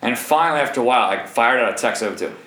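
A man in his thirties preaching with a lively, bouncing delivery, throwing in jokes and asides to his listeners. His voice carries an echo from the room around him, with his pitch sitting mid-range. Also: very fast. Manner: animated, jokey preaching with asides. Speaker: pastor. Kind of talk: sermon.

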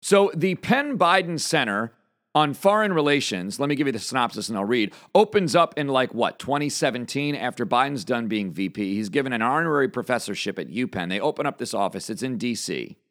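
A man's voice: mid-range voice, expressive, fairly bright tone. Man, political show host, emphatic and indignant, voice swinging up and down, hits single words hard. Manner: says he is talking fast and fired up. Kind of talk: opinion monologue reading news aloud.

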